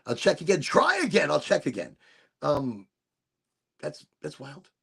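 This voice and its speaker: A man hosting a relaxed livestream session, talking in a loose, wandering way full of asides and giggles. His voice is gravelly and somewhat husky, and his pitch swings widely from low mutters up to bright, lifted exclamations. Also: measured pace. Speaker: livestream show host. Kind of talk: casual rambling livestream chat.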